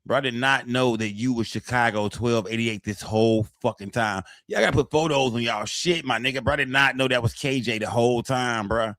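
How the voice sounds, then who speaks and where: Fast-talking man streaming, loose and profane. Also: mid-range voice, fairly bright tone, no echo, studio quality. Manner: loose, profane, repetitive street slang. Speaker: streamer reacting to court footage. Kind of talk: casual live-stream commentary.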